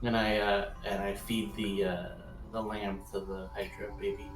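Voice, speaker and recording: Playful player in an echoey room. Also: male voice, fairly low pitch, little pitch movement, normal speed. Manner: playful, hesitant. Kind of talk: tabletop role-play. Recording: echoey room with faint music.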